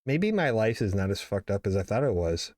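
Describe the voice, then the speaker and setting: Playful male quiz host, game-show energy, lively swings in pitch, dry mic. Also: a little fast, no room sound. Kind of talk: casual podcast chat.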